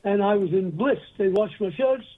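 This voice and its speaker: A man's voice: high voice, normal speed. An older man from England, a guest telling rambling stories in an interview, recorded over a phone line. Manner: rambling anecdotal storyteller. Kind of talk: storytelling interview.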